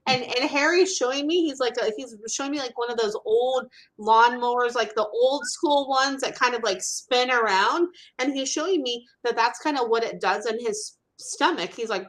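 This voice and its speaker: A woman talks as a guest in a relaxed interview, full of enthusiasm and gushing warmth for her subject. Her voice sits a little higher than average. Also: normal speed, low-quality recording. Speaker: guest, animal communicator. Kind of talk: casual interview chat.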